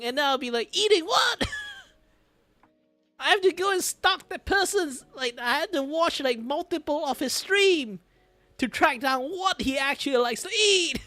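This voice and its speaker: Animated, rambling man streamer. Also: very high voice, no echo. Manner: rambling, animated, swears and laughs, jumps to loud outbursts. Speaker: streamer and artist. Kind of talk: casual live-stream chat while drawing.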